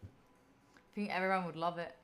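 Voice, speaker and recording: A woman's voice: lowish voice, steady tone, moderate pace, a little hiss or hum. A tired young Italian-accented woman in her twenties, a native Italian speaker, chatting casually with viewers during a study stream. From Italy. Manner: chatty, reads and answers viewer messages between tangents. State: tired, yawning. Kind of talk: casual live-stream chat.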